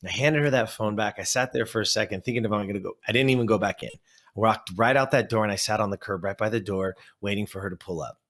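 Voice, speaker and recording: A man's voice: fairly low pitch, fast talker. A man in his fifties from Southern California, a life coach on an interview show, vividly telling a personal story. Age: 50s. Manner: animated storyteller who acts out his memories.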